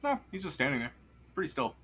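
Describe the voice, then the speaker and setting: A man's voice: on the high side, very animated, fast talker, fairly bright tone, husky. A man narrating a tabletop game as game master, describing scenes in a rambling way full of fillers.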